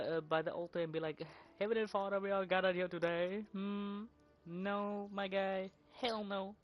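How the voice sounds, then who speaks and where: A woman streaming a game, cracking profane jokes and ranting in mock outrage at the characters. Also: medium pitch. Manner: profane, joking, mock-indignant; rambling with repeated words. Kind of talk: casual gaming commentary.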